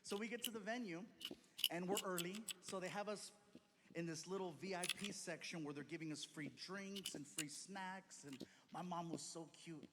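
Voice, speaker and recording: A male comedian telling a long story on stage, acting out every character, on a recording with clear background noise. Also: high-pitched, moderate pace, long reverb tail. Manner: animated, acts out every character. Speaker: stand-up comedian. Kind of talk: stand-up storytelling.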